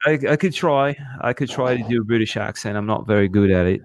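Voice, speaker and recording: A man co-hosting a casual streamed chat, rambling in an animated way and filling his talk with "you know". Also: on the low side, fast. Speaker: co-host and storyboard artist.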